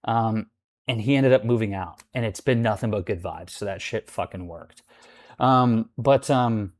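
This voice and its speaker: Speaking a bit slowly in a lowish voice, a male vlogger delivers a casual storytime rant about his roommate. He rambles and swears, his speech full of filler words like "like."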